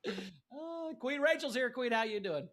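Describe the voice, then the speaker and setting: Lively, giggly high-voiced man. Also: measured pace, a little hiss or hum. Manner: laughs a lot while he talks. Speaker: co-host. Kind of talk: casual comedy chat.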